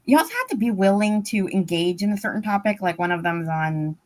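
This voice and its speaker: Brief: woman guest, mid pitch, frank and chatty, heard through a laptop mic on a call. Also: lively intonation, fairly quick. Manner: frank, conversational, with many likes. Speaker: guest on a book chat. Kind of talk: casual chat. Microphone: laptop mic on a video call.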